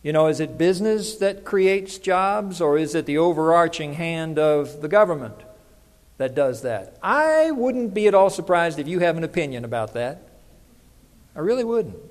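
A man's voice: a little high, sing-song, normal speed, in a large hall. A male pastor preaching a sermon in a conversational way, often asking the congregation questions.

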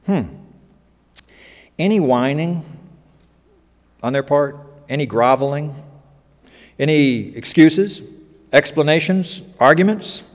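A pastor preaching a sermon in a folksy, joking way, acting out quotes, in a church hall. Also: male voice, on the high side, slow pace, pauses often. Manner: folksy, animated, joking asides and acted-out quotes.

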